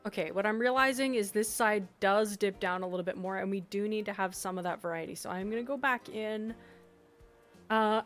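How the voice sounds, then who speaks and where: A woman live-streams while working on game designs, chatting casually, reading chat messages aloud and laughing often. Her voice is medium-pitched and fairly bright, with faint music in the background.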